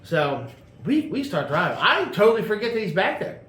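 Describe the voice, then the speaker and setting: A man's voice: sits high, big pitch swings, fairly quick, a bit bright, a little hiss or hum. Rambling storyteller man in an echoey room. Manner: rambling, lots of fillers and restarts. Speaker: host telling a car story. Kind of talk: casual storytelling. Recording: echoey room with faint ambience.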